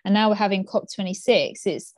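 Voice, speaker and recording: A woman's voice: mid-range voice, fairly quick, darkish tone, no room sound. Earnest, conversational woman. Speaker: podcast co-host. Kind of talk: casual podcast chat.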